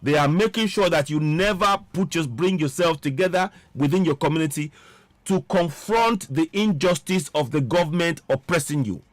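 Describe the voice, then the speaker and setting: A man's voice: on the high side, normal speed, dry recording. Fiery man preaching politics. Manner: forceful, repetitive, preaching cadence. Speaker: political commentator. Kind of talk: impassioned political monologue.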